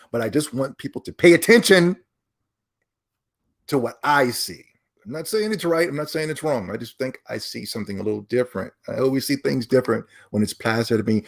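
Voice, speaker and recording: Animated male podcast host ranting. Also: mid-range voice. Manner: animated, mocking, opinionated. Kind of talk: casual solo rant.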